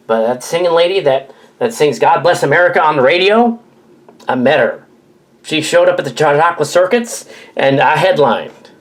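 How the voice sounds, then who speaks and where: A man's voice: fairly high pitch, poor audio. A man reading a family memoir aloud in a casual way, adding his own asides. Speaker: reader.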